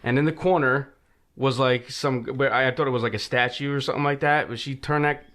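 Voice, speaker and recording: A man telling a story as a podcast guest, halting and laughing as he goes. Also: medium pitch, fairly even intonation, a bit bright. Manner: laughs through his own story, halting. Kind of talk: casual chat.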